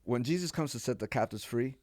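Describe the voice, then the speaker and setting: A Texas pastor appearing as a podcast guest tells his life story in a lively, animated interview, acting out what people said and laughing now and then. His mid-range voice runs a little fast, recorded cleanly in a studio with no echo.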